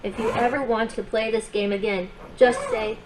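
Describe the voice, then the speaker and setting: A woman's voice: on the high side, steady tone, normal speed, noisy background, close to an everyday voice. A woman voicing a cheery kids' robot. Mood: triumphant. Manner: upbeat, encouraging, playful. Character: cheerful small companion robot for kids. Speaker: children's robot companion. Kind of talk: game and guided affirmations for a child.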